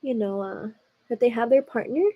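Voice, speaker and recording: Doing her makeup on a livestream, a woman chats in a relaxed, confiding way with viewers she calls "girl." She speaks at normal speed in a slightly high voice, and the audio is narrow and tinny.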